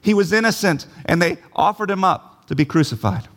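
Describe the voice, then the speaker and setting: A man's voice: sits high, animated, a little fast, fairly bright tone. A man preaching a sermon, emphatic, repeating key phrases and putting questions to his listeners.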